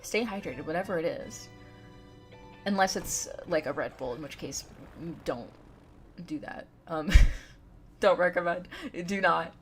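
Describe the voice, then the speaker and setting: Lowish-voiced chatty woman streamer. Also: unhurried, long pauses, soft background music. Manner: chatty, giggly, talks straight to chat. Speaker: livestreamer. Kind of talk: casual live-stream chat while playing a game.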